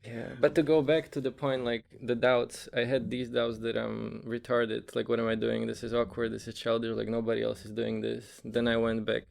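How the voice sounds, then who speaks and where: A young man, a podcast guest, telling stories in a relaxed, casual way full of "like" and "bro". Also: medium pitch, moderate pace, gravelly, few pauses. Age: young adult. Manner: relaxed, says "bro" and "like" a lot. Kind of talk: casual storytelling.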